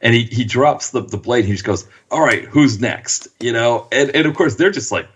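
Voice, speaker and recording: A man's voice: medium pitch, expressive, a little fast, husky, highs cut off. A man co-hosting a podcast, enthusiastically retelling movie scenes and acting out the lines. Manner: enthusiastic, acts out quoted lines. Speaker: podcast co-host. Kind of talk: casual movie chat.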